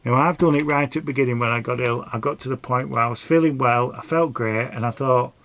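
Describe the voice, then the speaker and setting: A middle-aged man speaks at a medium pitch and a quick pace, with few pauses and a fairly bright tone. In a casual vlog, he rambles through a personal story and offers earnest advice, using dialect grammar.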